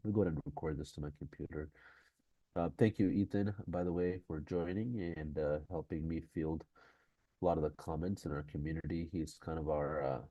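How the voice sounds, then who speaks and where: A congested, nasal man hosts a live stream with a low, mellow voice. He chats loosely with viewers, full of fillers and restarts, and the sound is close and dry. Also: fairly even intonation, a little fast, no echo. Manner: chatty, with many fillers and restarts. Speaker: host of a live-streamed course session. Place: conference venue.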